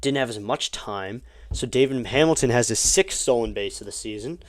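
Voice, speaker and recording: A man giving live fan play-by-play commentary on a baseball game, chatty between pitches and louder and quicker on big plays. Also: dry recording, studio quality. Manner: conversational, rising to excited calls on big plays.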